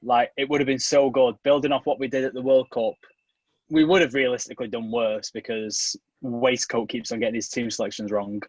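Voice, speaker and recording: A man's voice: medium pitch, steady tone, fairly quick, no echo, poor audio. A man with a Mancunian accent co-hosting a football podcast, laughing often and keen in the banter. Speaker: podcast co-host. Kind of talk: casual football chat.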